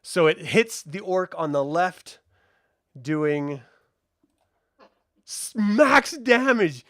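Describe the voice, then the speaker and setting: A man's voice: high-pitched, lively intonation, extremely slow, fairly bright tone, no echo, studio quality. A man narrating a tabletop game as game master, casual and chatty.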